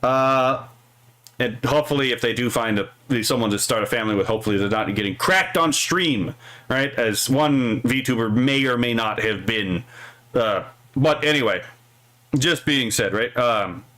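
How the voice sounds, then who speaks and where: A man's voice: medium pitch, normal speed, sharp tone. A man streaming casually, reading out viewer comments and rambling through stories, often tagging his sentences with "right?" and chuckling between thoughts. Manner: rambling, keeps asking "right?".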